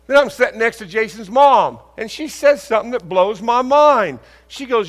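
A man preaching a sermon, telling stories and acting out conversations, asking rhetorical questions with lively emphasis. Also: very high voice, moderate pace, few pauses. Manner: animated, acts out dialogue, rhetorical questions. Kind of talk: sermon with storytelling. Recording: long hall reverb.

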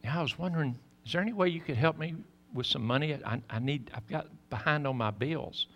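A man's voice: medium pitch, expressive, moderate pace, highs cut off. A man quoting a woman who whispers hesitantly from a van, in a reverberant church hall. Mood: hushed. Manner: hushed, hesitant.

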